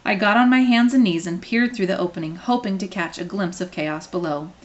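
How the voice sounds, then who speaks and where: Woman reading a kids novel out loud, bit low voice, playful and expressive. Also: fairly quick, muffled recording. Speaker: reader. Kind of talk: reading a children's novel aloud.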